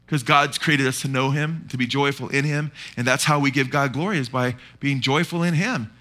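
A male pastor with a Californian accent, preaching a sermon to his congregation in an animated way and breaking off into quick asides to the church. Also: mid-range voice.

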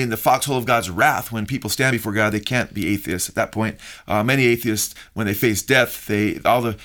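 A man's voice: medium pitch, a bit bright. A middle-aged man hosting a Christian radio talk show, speaking in an earnest preaching tone with many fillers. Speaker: radio show host and pastor.

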